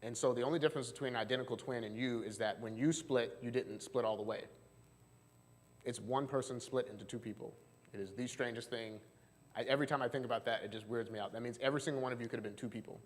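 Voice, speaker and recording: A man's voice: mid-range voice, steady tone, quick pace. A male marriage and family therapist giving a chatty seminar talk to a live audience, often asking them questions. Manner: chatty, asks the audience questions, frequent fillers. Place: church hall. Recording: long hall reverb.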